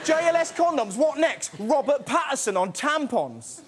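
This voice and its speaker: A man hosts a topical comedy show in a cheeky, excitable way and shouts out his punchlines. His voice sits very high for a man. Heavy noise sits under the recording. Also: moderate pace. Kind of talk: stand-up topical comedy monologue.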